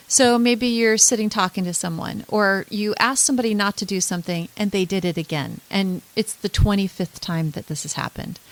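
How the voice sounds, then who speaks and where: A woman's voice: medium pitch, rough recording. A woman coaching her listeners in a casual teaching monologue, earnest and a bit repetitive, often acting out example phrases. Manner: earnest, repeats herself, models example phrases.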